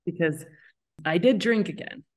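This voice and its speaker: A woman's voice: fairly low pitch, unhurried, a little mellow. A woman hosting a podcast, chatting casually with her husband and cutting in to tease and clarify details. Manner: teasing, interjects to clarify. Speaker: podcast host. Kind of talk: casual conversation.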